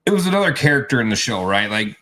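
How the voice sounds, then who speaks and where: A man's voice: medium pitch, sing-song, fast, pushed and bright. Rambling man in casual chat. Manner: rambling storyteller, many restarts. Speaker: co-host.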